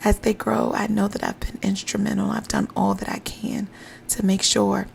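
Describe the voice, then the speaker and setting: A woman with a gravelly, creaky voice leads a motivational podcast, speaking encouraging affirmations into a podcast mic. Her phrases repeat for emphasis, and a faint hiss sits under the recording. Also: medium pitch, level tone, normal speed, darkish tone. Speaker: podcast host and pumping coach. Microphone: podcast microphone.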